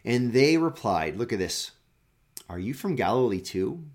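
A man's voice: mid-range voice, sing-song, unhurried, darkish tone. A pastor teaching a daily devotional, reading scripture aloud and then paraphrasing it conversationally, often repeating words as he goes.

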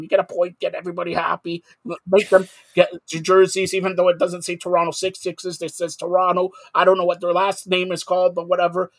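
A sarcastic male sports talk host with a fairly high voice who turns loud and sing-song when he gets going. He talks hockey in a casual, animated way. The sound is dry and close, with no room around him. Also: husky, no echo.

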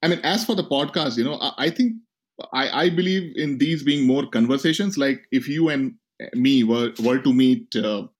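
A man hosting a podcast, speaking haltingly and often repeating words as he wraps up. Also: medium pitch. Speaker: podcast host. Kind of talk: casual interview.

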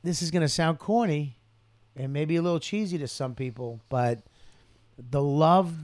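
Brief: guest comedian, man with a slightly high voice, heartfelt and foul-mouthed, leans into emphatic points, dry room. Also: moderate pace, darkish tone, no echo. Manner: earnest, profane, building emphatic speeches. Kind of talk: casual chat.

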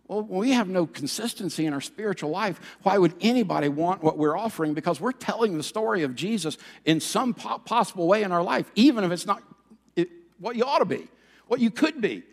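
A middle-aged man preaching a sermon as pastor, animated, telling stories and swinging from loud bursts to hushed, quiet passages. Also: sits high, a little fast. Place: church sanctuary. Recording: long reverb of a large hall.

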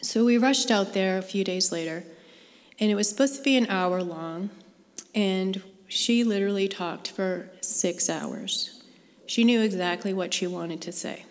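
A woman's voice: mid-range voice, measured pace. A woman sharing a personal faith story with a live group, in an earnest, conversational way. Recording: long hall reverb.

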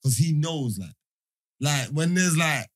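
A young man telling a story in casual chat, animated and full of slang fillers. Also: on the high side, takes it slowly.

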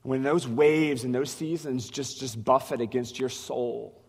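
A man's voice: medium pitch, fairly even intonation, measured pace, a little mellow, breathy edge. A man pastor delivering a sermon in a loose, conversational storytelling manner, stumbling and restarting his phrases as he goes. His mid-range voice rings out with a long hall reverb around it. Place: church sanctuary.

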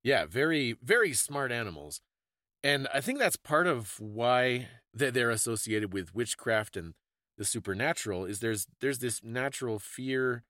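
A man's voice: mid-range voice, sharp tone, dry recording, clean studio sound. A man co-hosting a podcast, explaining things in casual chat with small restarts. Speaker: podcast co-host.

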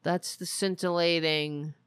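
A woman's voice: lowish voice, little pitch movement, a little slow, fairly bright tone, clear, resonant tone, dry recording, studio quality. A woman hosting a political commentary podcast, talking in a sarcastic, mocking way. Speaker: podcast host.

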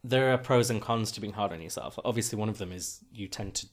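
A man with a fairly low voice talks fast while co-hosting a podcast. He chats casually through a recap, rambling and cracking sarcastic jokes.

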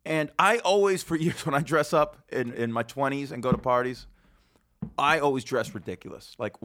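A man hosting a podcast, telling rambling, foul-mouthed stories in casual chat, his voice slightly hoarse. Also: mid-range voice, normal speed, fairly bright tone, a little hiss or hum. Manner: rambling storyteller, swears freely, laughs often. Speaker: podcast host.

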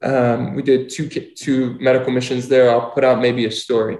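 A man's voice: mid-range voice, flat delivery, normal speed, darkish tone. A man who does surgical missions abroad, earnestly retelling a story and acting out the quoted dialogue. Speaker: surgeon doing medical missions. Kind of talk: casual storytelling talk. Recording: roomy echo.

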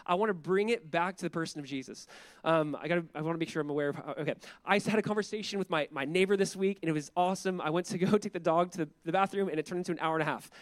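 Guy preaching a sermon, talks fast and chatty, lots of asides, dry close sound. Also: high-pitched, no echo. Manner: conversational, animated, many asides. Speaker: pastor.

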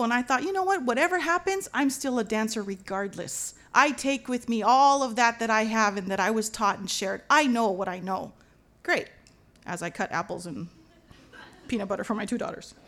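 Animated woman telling a dramatic story. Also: a little high, normal speed, long pauses. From Los Angeles, USA. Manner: animated, dramatic, sprinkles Spanish slang. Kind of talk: personal storytelling monologue.

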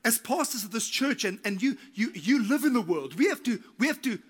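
A middle-aged man preaching a sermon as pastor, telling a story with lively acted-out quotes and repeated key phrases. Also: very high-pitched, a little fast, breathy edge.

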